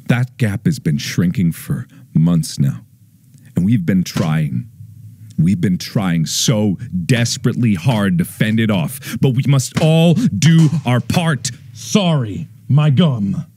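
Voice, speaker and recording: A man in his twenties making a mock-dramatic plea to his viewers, over-the-top solemn, swinging between hushed lines and near-shouts. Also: low voice, slightly rough. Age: 20s. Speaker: YouTuber.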